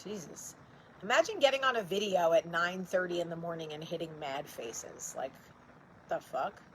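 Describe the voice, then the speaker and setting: A woman in her forties from New Jersey hosts a casual live-stream video show, talking straight to her viewers and answering their comments with blunt, profane humor. Her voice is fairly low at a normal speed, with slight background noise and poor audio.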